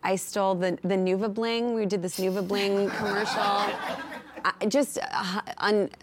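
A woman comedian guest telling a giggly, animated story on a talk show. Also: medium pitch, measured pace, heavy background noise. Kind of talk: casual talk show chat. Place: TV studio.

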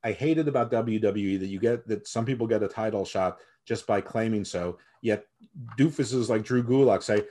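Opinionated man with a lowish voice. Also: normal speed, warm tone. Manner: opinionated, repeats words while thinking. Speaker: guest co-host. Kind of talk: casual podcast chat.

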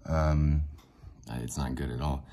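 Male podcast host, very deep voice, loose sarcastic monologue. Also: fairly even intonation, slow, warm tone. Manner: rambling, sarcastic, fillers and restarts. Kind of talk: casual solo rant.

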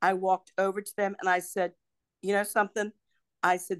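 A woman's voice: mid-range voice, moderate pace, smooth, dry recording. An older woman telling stories in a casual chat over a video call, acting out the people she quotes. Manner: animated storyteller, acts out quoted voices. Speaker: podcast guest, host's mother.

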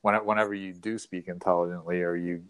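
Low-voiced man thinking aloud. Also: level tone, fast, a bit bright, clean tone, no room sound. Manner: thoughtful, searching for words. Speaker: podcast co-host. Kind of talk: casual conversation.

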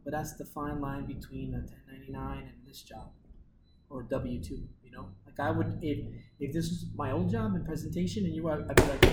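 A man teaching a team meeting, confident and direct as he walks through examples. His voice carries a roomy echo, and loud noise sits behind it throughout. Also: medium pitch, fairly even intonation, fast talker. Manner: assertive, explains with worked examples. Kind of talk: casual instructive talk. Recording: echoey room with loud background noise.

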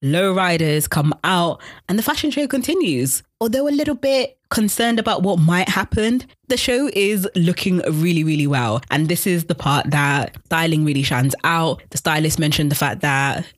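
A vlogger recapping a TV episode in a casual, expressive way, often repeating lines for emphasis and laughing. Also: mid-range voice, moderate pace, few pauses, dry recording.

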